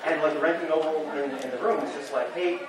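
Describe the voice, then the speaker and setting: A man telling a live-action roleplay story on a convention panel, rambling and animated, with lots of "like" and little acted quotes. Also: a little high, fast, a crowd in the background. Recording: echoey hall, far from the mic, audience. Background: audience laughter.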